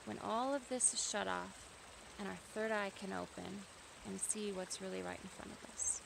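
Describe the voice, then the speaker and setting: A vlogger speaks to her camera out in nature, her mid-range voice carrying vocal fry at a normal speed. The background is noisy, and her sincere, flowing reflection swells at times into emphatic bursts.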